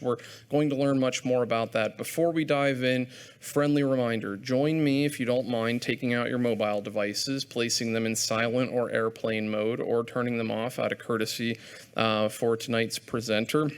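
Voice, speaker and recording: A man hosting a live lecture event, making chatty, self-deprecating announcements to an audience in a hall. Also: mid-range voice. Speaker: event host and program organizer.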